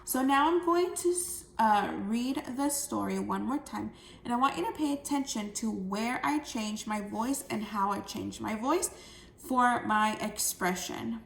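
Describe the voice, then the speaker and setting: Slow, gravelly-voiced woman teacher. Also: fairly high pitch. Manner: clear, step-by-step explanation to children. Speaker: second grade teacher. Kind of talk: recorded online phonics lesson. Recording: echoey room, faint background noise.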